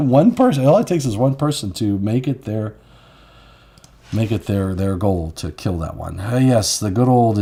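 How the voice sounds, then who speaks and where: A man's voice: mid-range voice, warm tone. A man hosting a live online show, chatting casually and rambling through stories with frequent laughs. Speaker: host. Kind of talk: casual live-stream chat.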